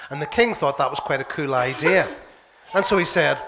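A man with a Northern Irish accent, a minister telling a Bible story to children in church, playful and animated. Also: fairly high pitch, fairly quick, a little hiss or hum.

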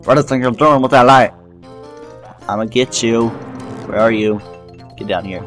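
A man's voice: mid-range voice, moderate pace, fairly bright tone, faint music behind, natural voice. A man voicing an ornery little male bug monster in a game, with a brash folksy drawl. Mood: threatening.

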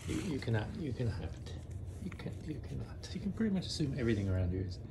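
A man's voice: medium pitch, big pitch swings, fast. A man vlogger chatting playfully to his dogs in a sing-song pet-talk manner. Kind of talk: talking to pets. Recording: loud background noise.

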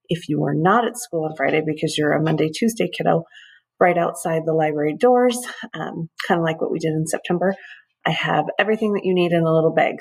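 Gravelly, husky-voiced librarian reading aloud. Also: female voice, lowish voice, rough recording. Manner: chatty, casual asides, playful. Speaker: school librarian. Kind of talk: reading a picture book aloud to children.

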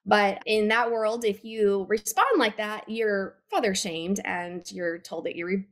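A woman's voice: mid-range voice, slow pace, slight background noise. A woman guest in an interview, candidly and earnestly telling her personal story. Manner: candid, earnest, retells scenes in quotes. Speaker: guest, abuse advocacy worker.

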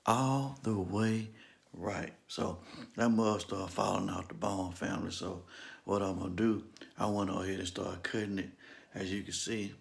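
Brief: man, low gravelly voice, laid-back family vlogger at home. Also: level tone, normal speed. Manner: speaking low to keep from waking the house. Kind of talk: casual family vlog. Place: home kitchen.

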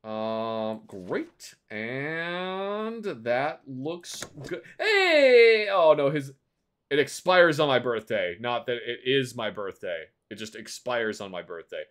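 A male streamer giving casual, sarcastic commentary as he plays a video game. His pitch swings widely, and he breaks into sudden loud outbursts. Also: expressive, slow.

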